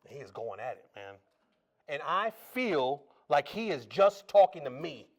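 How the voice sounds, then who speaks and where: A man giving his testimony during a church service, telling his story in a casual, folksy way and swinging between loud and hushed as he acts out each scene. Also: on the high side, very animated, measured pace.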